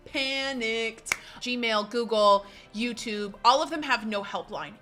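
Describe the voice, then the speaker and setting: Young woman streamer telling a story, kinda high and really bright, dramatic and jokey about herself. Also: slow pace. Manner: dramatic, self-mocking, acts out her own panicked quotes. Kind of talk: storytelling vlog.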